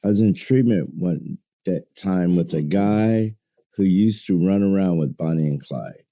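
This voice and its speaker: Older male host, deep and mellow, chatty and folksy, dry close-mic sound. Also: a little slow, dry recording. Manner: rambling, chuckling, fatherly. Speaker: podcast host. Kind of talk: casual podcast chat.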